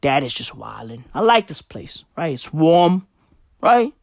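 A woman doing a lazy, low-voiced Jesus. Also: big pitch swings, unhurried, vocal fry, no room sound, studio quality, full character voice. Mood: easygoing. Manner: low, muted, offhand drawl. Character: laid-back male Jesus, casual and unbothered.

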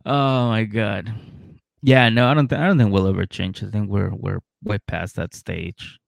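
A man co-hosting a podcast in casual chat, retelling scenes with lively acted-out voices and frequent laughter. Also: lowish voice, a little slow, gravelly, pauses often, dry recording, studio quality. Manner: animated storytelling, acting out voices, laughing often. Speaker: podcast co-host.

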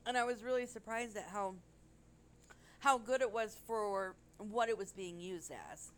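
A woman's voice: medium pitch, steady tone, unhurried. A woman co-hosting a casual podcast chat, rambling and gushing, with casual swearing. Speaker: podcast co-host.

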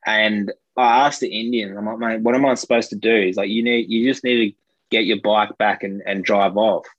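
A man's voice: fairly low pitch, steady tone, normal speed, no echo, lo-fi sound. Australian man telling a rambling story. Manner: rambling, filler-heavy, laughs between lines. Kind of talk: casual anecdote.

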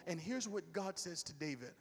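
A man's voice: a little high, lively intonation, moderate pace, in a large hall. A man preaching a sermon with humor, telling stories animatedly to his church. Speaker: pastor. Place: church hall with music.

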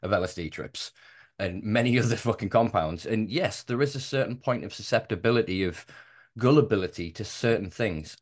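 A man hosting a podcast, talking in long impassioned run-on rants and swearing freely. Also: mid-range voice. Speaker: podcast host. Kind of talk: casual podcast conversation.

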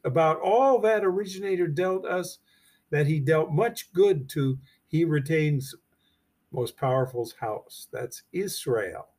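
A man teaching verse by verse through a scripture chapter, reading each verse slowly and then commenting with emphatic rhetorical questions. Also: a little high, a little mellow. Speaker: Bible teacher.

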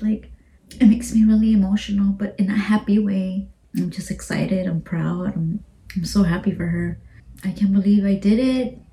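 A single mother in her thirties hosting a podcast, speaking emotionally in a halting, repetitive way, swearing and often dropping to a whisper. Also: medium pitch, mellow. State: emotional, near tears. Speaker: podcast host. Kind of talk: emotional personal podcast monologue.

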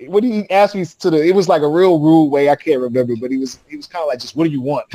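A man's voice: fairly high pitch, normal speed, mellow, low-quality recording. A man, a podcast guest, telling a long story in casual, slangy speech with lots of laughter.

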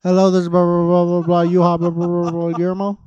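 High-pitched guy, casual banter, short interjections. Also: completely flat delivery, fairly quick, warm tone, smooth, no room sound, dull audio. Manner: brief interjections. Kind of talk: casual chat.

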